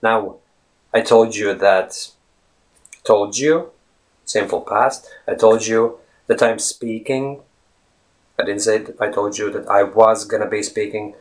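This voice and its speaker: A man's voice: lowish voice, slow, long pauses. Chatty man teaching English. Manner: chatty, repeats and rephrases points; addresses viewers as friends. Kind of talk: casual teaching monologue.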